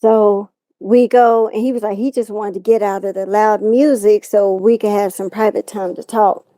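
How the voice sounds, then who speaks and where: A woman's voice: medium pitch, steady tone, normal speed, mellow, no room sound. A woman telling a distressing personal story as a talk-show guest, acting out what others said.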